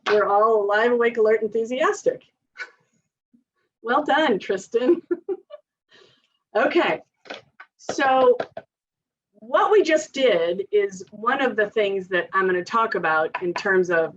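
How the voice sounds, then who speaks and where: A woman occupational therapist giving a casual training talk to parents, chatty and laughing often. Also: medium pitch. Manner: chatty, laughs often, leads group exercises with chanting. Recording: slightly dull lo-fi sound.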